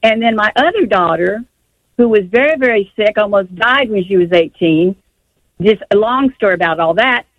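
A woman's voice: mid-range voice, expressive, moderate pace, no echo. An older woman calling in to a radio show, telling her story in a rambling way full of restarts and rising emotion. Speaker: radio call-in caller. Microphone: phone line. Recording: dull, dry phone-line caller audio.

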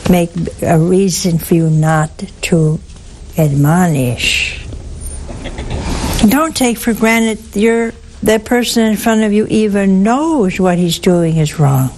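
A woman giving a sermon in a slow, deliberate way, with asides and some softly whispered stresses. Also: on the low side, low-quality recording. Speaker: preacher.

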